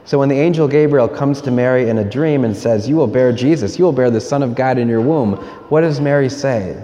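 A man, a priest, giving a homily in a university church in an earnest, plain-spoken, deliberate way. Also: mid-range voice, lively intonation, mellow. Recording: reverberant church hall.

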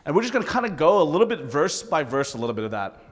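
A man preaching a sermon as pastor, animated and joking in asides to the congregation. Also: on the high side, very fast. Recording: reverberant hall.

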